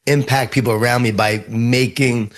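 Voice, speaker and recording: A middle-aged man with a Long Island New York accent, a guest author telling earnest, animated stories in an interview. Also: medium pitch, moderate pace. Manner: earnest, animated storytelling with repeated phrases. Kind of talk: storytelling interview answers.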